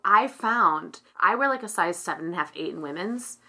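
A woman with a bright, clear voice chats casually as a podcast co-host. She tells stories with animation and drops into quick put-on voices as she talks. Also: on the low side, expressive. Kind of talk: casual chat.

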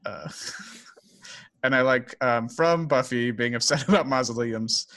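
A man's voice: mid-range voice, measured pace, long pauses, a bit bright. A man hosting a podcast in casual chat, leading the segments and laughing easily. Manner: laughing, easygoing, leads segments. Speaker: podcast host.

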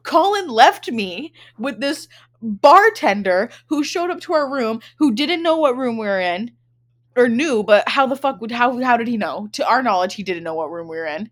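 Profane, animated young woman storyteller. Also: fairly high pitch, normal speed. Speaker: podcast co-host. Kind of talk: casual storytelling chat.

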